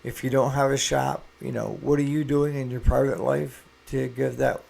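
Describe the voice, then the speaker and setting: A man's voice: medium pitch, flat delivery, normal speed, vocal fry, darkish tone. A man who owns a small engine repair shop, talking casually to camera and giving earnest, folksy advice.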